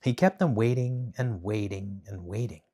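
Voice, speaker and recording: A man reading a children's bedtime story aloud, animated and dramatic in his delivery. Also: lowish voice, normal speed.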